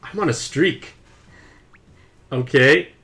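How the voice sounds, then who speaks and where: A man's voice: a little high, slow pace, soft background music. Chatty, playful young man streaming a game. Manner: chatty and playful, excited outbursts. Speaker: gaming streamer. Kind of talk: casual game commentary to live chat.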